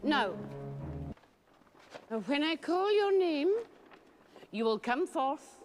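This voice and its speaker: A strict older professor greets new pupils with slow, formal gravity. Her pitch rises and falls with emphasis. Long hall reverb and orchestral music fill the film clip. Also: expressive, heavily acted. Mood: stern. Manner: crisp, formal, measured address.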